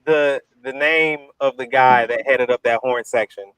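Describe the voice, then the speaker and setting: A man moderating a casual online debate in an easygoing, halting way, posing questions over a video call. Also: mid-range voice, fairly even intonation, fairly bright tone, clear, resonant tone, no echo, low-quality recording.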